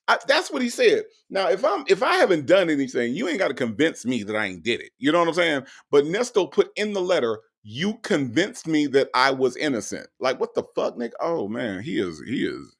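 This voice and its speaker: Gravelly-voiced man, livestream host, animated and slangy, lively swings in pitch. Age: 40s. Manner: animated, loud bursts, laughing, slangy. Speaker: livestream host reading chat. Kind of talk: casual livestream commentary.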